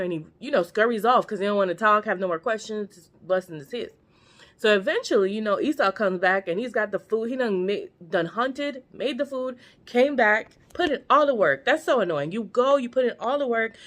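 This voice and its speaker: A woman's voice: mid-range voice, lively intonation, fairly quick. A woman vlogger chatting casually as she retells a Bible story, slangy and full of offhand asides.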